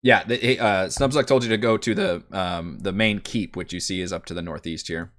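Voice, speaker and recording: A man narrating a tabletop game as game master, in a relaxed, loose way with many fillers. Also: low-pitched, normal speed.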